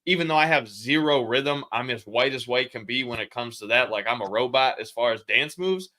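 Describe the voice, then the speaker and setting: A man in his thirties talks as a podcast guest, telling candid stories in easy, slangy speech. His voice is bright and forceful, sitting at an ordinary pitch. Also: fairly quick. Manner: candid, storytelling, casual slang. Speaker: podcast guest, sales coach. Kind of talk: casual interview chat.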